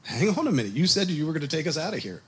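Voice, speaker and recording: Brief: exasperated leader soothing a crowd, lifted pitch, earnest, as a man puts him on. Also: very animated, racing, fairly bright tone, husky, heavily acted. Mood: placating. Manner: placating, exasperated. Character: exasperated older male leader calming a crowd.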